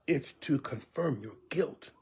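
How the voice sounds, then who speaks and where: A man preaching a sermon as a church elder, telling it vividly and dropping often to a hushed whisper with pleading asides. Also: a little high, animated, takes it slowly, husky.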